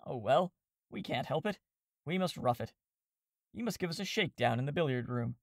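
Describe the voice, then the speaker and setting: A man voicing a cheery, fussy young English gentleman who speaks breezily in a storybook reading. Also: medium pitch, lively intonation, moderate pace, no echo, studio quality, lightly acted. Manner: breezy, cheerful, brushing things off.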